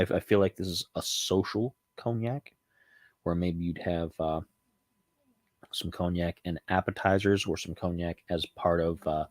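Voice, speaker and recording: A man's voice: sits low, darkish tone, no room sound. A man hosting a casual home review vlog about spirits, talking loosely with many ums and restarts. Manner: rambling, frequent ums and self-corrections. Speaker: channel host reviewing cognac.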